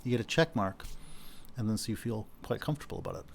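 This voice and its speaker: A man's voice: fairly low pitch, fast talker, gravelly, slight background noise. A middle-aged man lecturing on philosophy in a loose, conversational way, often repeating words as he searches for the phrasing. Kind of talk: university lecture.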